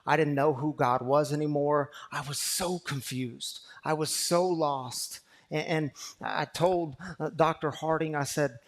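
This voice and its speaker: The pastor of a recovery community, a man with a voice on the high side, preaches a sermon that shifts from quiet storytelling into loud, fervent exhortation.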